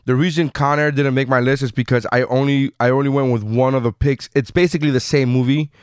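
A man hosting a casual podcast chat, animated and swearing freely. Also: mid-range voice, fast, smooth, no room sound, clean studio sound. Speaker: podcast host.

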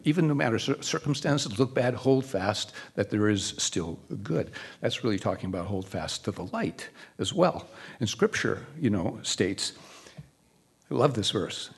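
A man's voice: lowish voice, lively intonation, normal speed, breathy edge. A male minister preaching a sermon in a conversational way, often asking the congregation questions. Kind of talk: church sermon.

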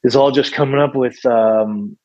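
A man's voice: medium pitch, steady tone, moderate pace, a little mellow, no room sound, lo-fi sound. A male songwriter as a guest in a casual interview, rambling with many fillers and restarts.

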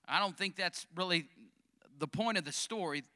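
A man's voice: high voice, moderate pace, pushed and bright. A male pastor preaching a sermon, calling out questions to the congregation.

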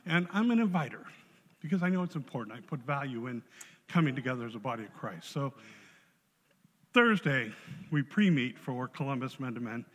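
A man giving a spoken testimony to a church congregation, telling his story in a lively way and acting out the voices in it. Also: mid-range voice, fairly quick. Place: church hall. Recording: long hall reverb.

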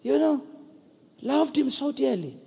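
A South African man preaching a sermon as pastor, earnest and building to emphatic shouts. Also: very high voice, animated, unhurried, creaky. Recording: long hall reverb.

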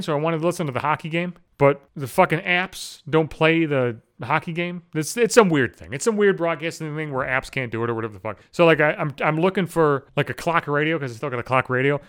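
A man's voice: high voice, fairly bright tone. A young man from the Buffalo area, ranting casually with constant swearing and filler words, sounding exasperated. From Buffalo, New York. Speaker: vlogger. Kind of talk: profane casual rant.

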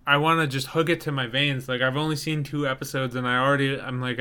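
A man's voice: medium pitch, steady tone, quick pace, hardly any pauses, pushed and bright, smooth. A young man co-hosting a podcast, chatting casually with dry, self-deprecating humor. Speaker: podcast co-host. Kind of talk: casual chat.

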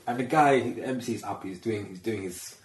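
A man's voice: lowish voice, a little fast. A man, a stand-up comedian, telling a story in casual chat and acting out what people said. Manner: storytelling, acts out quotes. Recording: echoey room.

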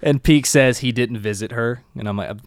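A man co-hosting a casual anime recap podcast, recapping scenes in a relaxed, enthusiastic way. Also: medium pitch, normal speed, no room sound, clean studio sound. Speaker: podcast co-host.

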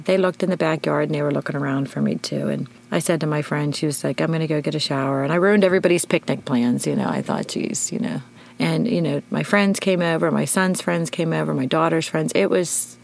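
Middle-aged female podcast host, deep and creaky, emotional storyteller. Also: slight background noise. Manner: emotional, animated retelling with shouted quotes. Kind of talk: personal storytelling.

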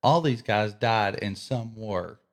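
A man with a Texan accent, co-hosting a casual faith podcast and retelling a movie scene with animated storytelling. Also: fairly low pitch, slow. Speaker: podcast co-host.

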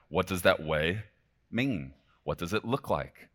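A deep-voiced man preaching with real fervor. His delivery surges to loud, ringing emphasis, then drops to a hushed, intimate tone, and he keeps checking in with his listeners. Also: lively intonation, measured pace. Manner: fervent, swings between shouting and hushed emphasis; talks to the congregation directly with frequent "okay?". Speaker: pastor. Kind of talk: sermon.

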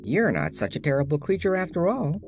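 A reader voicing a cheerful, lively patchwork doll girl who talks with excitement in a storybook reading. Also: mid-range voice, a little fast, faint music behind, pitched above the performer's own voice. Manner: bright, excited. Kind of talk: audiobook character voice.

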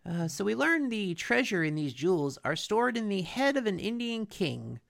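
A woman co-hosts a casual chat, recapping a cartoon episode in rambling fashion, packed with fillers and restarts. Her voice is medium-pitched and gravelly, with big pitch swings and a moderate pace.

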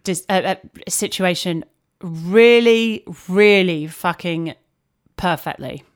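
A woman's voice: on the low side, slow. A woman co-hosting a podcast, chatting casually and bluntly with frequent swearing. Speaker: podcast co-host. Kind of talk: casual recap chat.

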